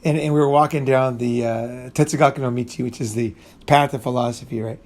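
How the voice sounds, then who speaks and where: A man's voice: medium pitch, fairly even intonation, fast, a little mellow. A middle-aged man telling a rambling, profane story in casual talk, often restarting sentences and acting out what people said. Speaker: channel host.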